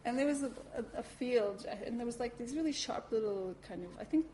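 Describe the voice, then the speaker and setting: Woman at a buddhist centre telling her story, animated, keeps saying "you know", voice a bit high. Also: a little fast, a little hiss or hum, poor audio. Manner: lively, acts out her own reactions, many "you know"s. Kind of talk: personal storytelling talk.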